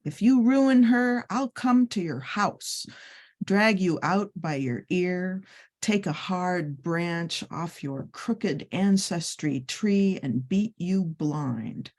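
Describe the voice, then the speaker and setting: A woman's voice: on the low side, animated, slow pace, darkish tone. A woman reading a poem aloud, voicing a quoted grandmother who makes fierce threats. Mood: threatening.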